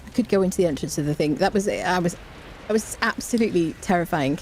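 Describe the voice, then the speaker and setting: A woman's voice: fairly low pitch, expressive, fast, darkish tone, slight background noise. A woman streaming a survival game, chatting in a jokey, jittery way and often yelping in fright. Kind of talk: live gameplay commentary.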